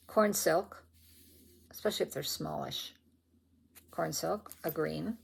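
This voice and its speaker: Older woman with a deep gravelly voice. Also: slight background noise. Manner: rambling, self-correcting, chatty. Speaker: stitching vlogger. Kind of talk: casual show-and-tell chat. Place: at home indoors.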